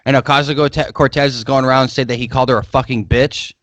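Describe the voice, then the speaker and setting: A man co-hosting a comedy podcast, talking loud, crude and provocative in casual banter. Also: mid-range voice, steady tone, fast talker, dry recording. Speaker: podcast co-host.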